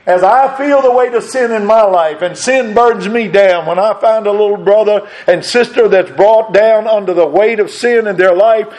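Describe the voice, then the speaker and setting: A man preaching a sermon. He repeats phrases for emphasis and swings between loud rises and quiet drops. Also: high-pitched, normal speed, few pauses, low-quality recording.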